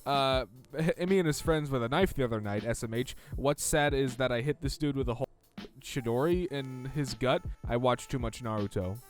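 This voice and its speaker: A man reading stories aloud and reacting with sarcastic, deadpan debunking. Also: mid-range voice, moderate pace, soft background music. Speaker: reader and commentator.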